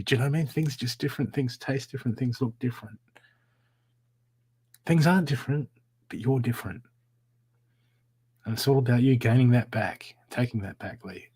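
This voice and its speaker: A man's voice: mid-range voice, moderate pace, long pauses, a little mellow, husky. Man giving encouraging live card readings. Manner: repetitive, encouraging, addresses viewers by name. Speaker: psychic reader.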